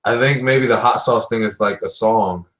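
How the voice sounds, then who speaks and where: A man's voice: lowish voice, normal speed, a bit bright. A man co-hosting a podcast in casual chat, laid-back and full of slang and swearing. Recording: roomy, echoey recording.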